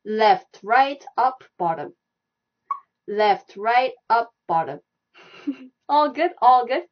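A woman with a Korean accent teaching a live online language class, repeating steps slowly and laughing often. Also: on the high side, expressive, dull audio. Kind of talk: live-streamed language lesson.

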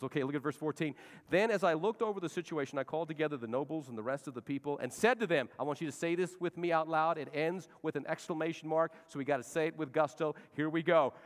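A pastor preaching to his congregation, his voice sitting a little higher than most men's. He swings between fired-up shouting and quiet, tender pleading. The long reverb of a large church sanctuary trails behind every phrase. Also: quick pace, hardly any pauses. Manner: swings from loud rallying shouts to hushed, soft pleading. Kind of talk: sermon.

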